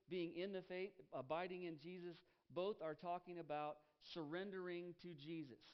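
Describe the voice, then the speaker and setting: Emphatic pastor, dull headset sound. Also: male voice, on the high side, smooth. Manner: emphatic, repeats key phrases, asks the congregation questions. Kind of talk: sermon.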